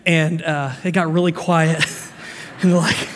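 Male pastor, high voice, sermon in a long-reverb hall; storytelling turns to emphatic exhortation. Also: flat delivery, moderate pace, a little hiss or hum. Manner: preaching with stories, swings from soft storytelling to emphatic.

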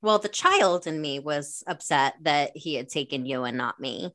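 Low-voiced woman, candid and reflective. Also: animated, normal speed, a bit bright. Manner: candid, reflective, quotes herself often. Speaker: podcast co-host, older sister. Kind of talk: casual conversation.

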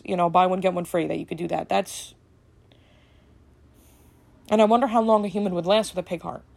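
A woman hosting a casual solo podcast, rambling and chatty with lots of fillers, a little snarky and brisk. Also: mid-range voice, gravelly, a little mellow. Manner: rambling and chatty, full of "like" and "you know"; brisk, slightly snarky delivery. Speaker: podcast host.

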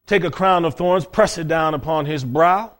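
A man preaching, voicing a cruel, mocking king who barks orders loudly. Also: fairly high pitch, moderate pace, natural voice. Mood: commanding.

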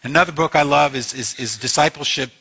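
Male pastor, sermon delivery, bright forceful tone with a husky edge, emphatic and passionate. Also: medium pitch, brisk. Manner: impassioned, emphatic preaching with repeated phrases.

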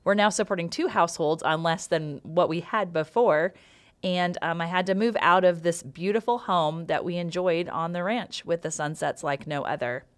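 A middle-aged woman speaks in a slightly low voice on a faith podcast. She tells her story openly, with fillers and a playful sense of humor. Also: moderate pace. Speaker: podcast co-host.

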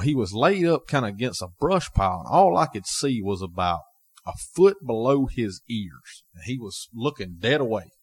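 A man's voice: fairly low pitch, breathy edge. Laughing man telling hunting story. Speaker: guest. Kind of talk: casual storytelling.

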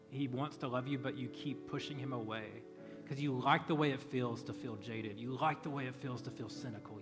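A man preaching a sermon as pastor, conversational and storytelling, softening into prayer. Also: medium pitch. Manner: conversational, animated when storytelling, soft when praying. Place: church. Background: faint band music.

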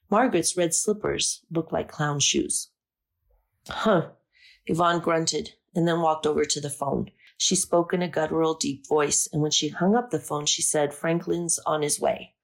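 A woman narrating a story aloud in a calm, measured reading. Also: low voice, vocal fry. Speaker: audiobook narrator.

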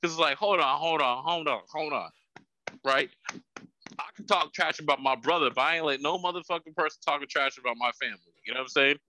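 A man's voice: fairly high pitch, quick pace, sharp tone, low-quality recording. A man in casual chat, rambling, repeating his words and laughing between points.

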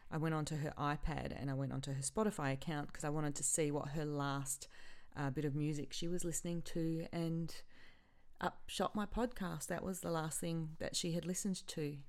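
Low-voiced woman podcasting through grief, halting, keeps restarting her sentences. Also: fairly even intonation, darkish tone. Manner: halting, emotional, repeats herself. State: grieving. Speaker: podcast host. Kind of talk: personal podcast monologue.

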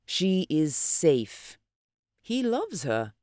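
A grave old scientist, as the reader puts him on in a storybook reading, measured and musing, weighing each line. The sound is dry and close, without room echo. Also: mid-range voice, wildly swooping pitch, darkish tone, heavily acted. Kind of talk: audiobook character reading.

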